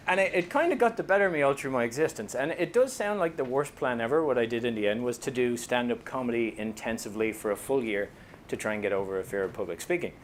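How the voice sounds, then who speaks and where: Irish man, thirties, comic storyteller at a lectern, faint low rumble under the voice. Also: quick pace, a faint crowd. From Ireland. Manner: self-deprecating, joking storyteller. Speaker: author giving a talk. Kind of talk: comic public talk.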